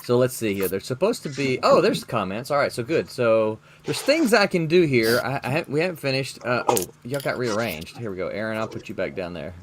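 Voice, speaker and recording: A man's voice: mid-range voice, very animated, a little fast, few pauses, background noise. A man hosting a casual livestream chat over a video call, laughing often and restarting his sentences. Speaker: host.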